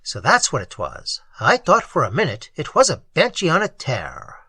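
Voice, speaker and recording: A man's voice: on the high side, huge pitch swings, normal speed, bright, forceful tone, breathy edge, no room sound, studio quality, full character voice. A man reading aloud, voicing a bossy young male college student who leads the group and gives curt, commanding orders. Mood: tense.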